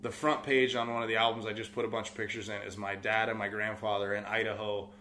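A man's voice: fairly low pitch, level tone, fast, sharp tone, a little hiss or hum. A young man with a Californian accent telling a hunting story in casual conversation, rambling with lots of fillers. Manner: rambling, many "like" fillers, acts out quotes. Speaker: guest, outfitter business owner.

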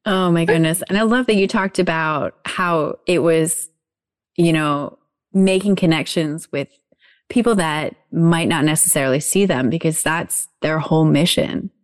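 A woman's voice: on the low side, animated, unhurried. A woman chatting casually, enthusiastic and agreeable, laughing easily. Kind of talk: casual chat.

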